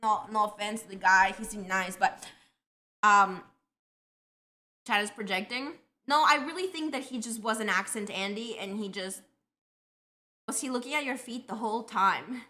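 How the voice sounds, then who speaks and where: A woman's voice: medium pitch, normal speed, long pauses, sharp tone. A young woman with a Colombian accent, long living in Canada, chatting casually with her stream audience and telling rambling, self-deprecating stories. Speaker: livestreamer.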